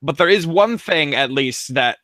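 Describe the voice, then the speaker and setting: Connecticut man, hesitant explainer, bright tone, dry close sound. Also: on the high side, lively intonation, a little slow, dry recording. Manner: hesitant, many ums, explaining. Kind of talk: casual live-stream chat.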